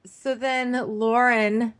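A woman's voice: a little high, level tone, slow pace. A woman co-hosting a casual recap chat, wry and blunt as she goes through her notes. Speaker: podcast co-host.

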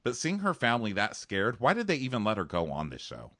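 A man chatting casually on a podcast, telling the story with jokes and a lively, bouncing pitch. His voice is bright and forward, and it comes through dry and close with no room echo. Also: fairly quick. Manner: animated, jokey storytelling. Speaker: podcast co-host. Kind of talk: casual chat recapping a show.

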